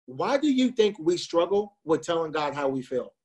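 Preaching to youth over a video call, this twenty-something man speaks with passion and keeps repeating "listen to me." His fairly high voice has a sing-song lilt and a darkish tone, and his pace is moderate.

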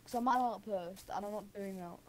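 A woman's voice: mid-range voice, quick pace, a little mellow, a little hiss or hum. A young woman chatting casually while gaming, giggling and denying things defensively. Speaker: gaming partner. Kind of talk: casual gameplay chat.

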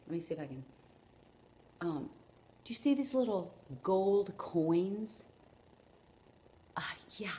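A woman vlogging an unboxing at home, gushing and rambling with excitement. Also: mid-range voice, a little hiss or hum. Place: room at home. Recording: echoey room with faint ambience.

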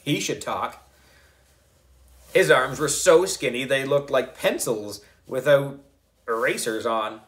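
A man reading a children's book aloud, narrating in an expressive, deliberate storytelling manner. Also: medium pitch. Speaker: book club reader.

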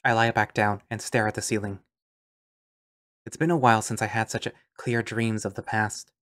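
A man's voice: fairly low pitch, little pitch movement, moderate pace, fairly bright tone. A man narrating an audio drama in first person, musing and understated.

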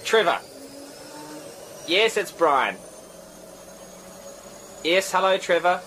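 A flustered Kiwi band manager. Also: male voice, sits high, lively intonation, extremely slow, pushed and bright, a little hiss or hum, full character voice, low-quality recording. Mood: indignant. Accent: New Zealand. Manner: rambling, apologetic, easily flustered. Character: flustered male manager fielding phone calls. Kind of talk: radio sitcom acting.

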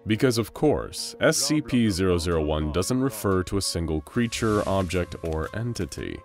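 A man's voice: deep voice, animated, normal speed. A man narrating a scripted story with dramatic storyteller pacing. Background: faint music.

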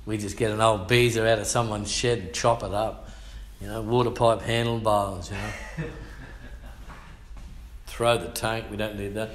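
Older Australian male pastor, slangy testimony preacher, slow delivery, echoey church room. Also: on the low side, level tone, slight background noise. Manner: colloquial, slangy, emphatic storyteller. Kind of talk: storytelling sermon testimony.

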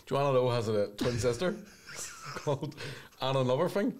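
Podcast co-host, animated swearing banter, faint noise on the line. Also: male voice, medium pitch, normal speed. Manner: sweary, mock-apologetic banter. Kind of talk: casual comedy chat.

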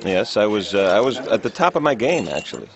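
Man doing low, smug real estate braggart, crowd chatter behind. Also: big pitch swings. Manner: smug, boastful, slow. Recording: dull audio with crowd chatter and clinking glasses. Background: crowd chatter and clinking glasses.

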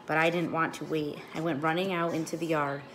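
A woman teacher reading a children's chapter book aloud to her class, clear and expressive. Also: deep voice, fairly quick, a little hiss or hum.

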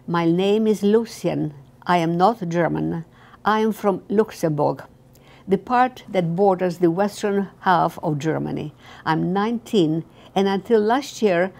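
An elderly woman voicing an earnest, anxious young male guard who speaks softly and apologetically. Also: fairly low pitch. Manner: soft, pleading, apologetic.

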